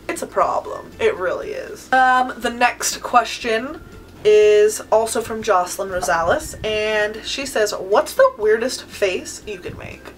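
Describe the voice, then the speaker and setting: In a casual vlog over soft background music, a Californian beauty vlogger in her twenties answers viewer questions at a slow pace and medium pitch. She's chatty, peppering her speech with "like" and "um," and the recording quality is low.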